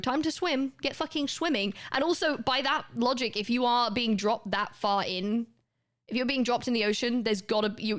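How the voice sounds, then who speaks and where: A woman's voice: medium pitch, fairly bright tone. A young woman, chatting casually and swearing now and then while livestreaming a video game to her chat. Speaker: live streamer.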